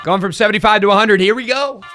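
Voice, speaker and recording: A young man giving excitable let's-play commentary on a football game, yelling at big moments and talking in casual slang. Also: sits high, fast, soft background music. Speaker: gaming YouTuber.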